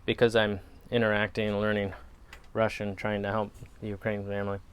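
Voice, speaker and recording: In a casual vlog for his pipe-smoking channel, a Wisconsin-accented man rambles and digresses, chuckling at his own remarks. He talks a little fast in a lowish, monotone voice with a clean tone.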